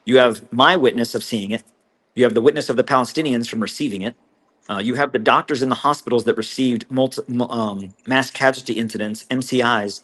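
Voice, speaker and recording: Man, earnest, halting restarts, interview guest. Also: mid-range voice. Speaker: whistleblower guest. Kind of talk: recounting events in interview.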